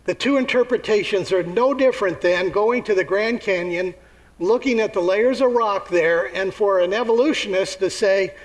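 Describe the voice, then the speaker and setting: A man preaching a sermon, telling the story with lively acted-out voices and asking his listeners questions. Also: sits high, normal speed, rough recording. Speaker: pastor.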